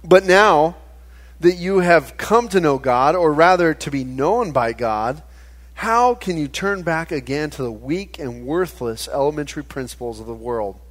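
A man in his thirties preaching a sermon as pastor, conversational and animated, with frequent stammered restarts. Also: on the high side, measured pace.

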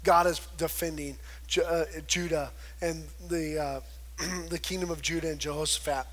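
A man's voice: fairly high pitch, fairly even intonation, normal speed. A man preaching a conversational sermon, retelling scripture and acting out the quoted voices. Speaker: pastor.

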